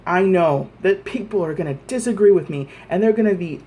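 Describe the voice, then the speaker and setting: A man's voice: high voice, lively intonation, a little fast, dark tone. A man vlogging an angry, profane rant to camera, repeating himself as he presses his points.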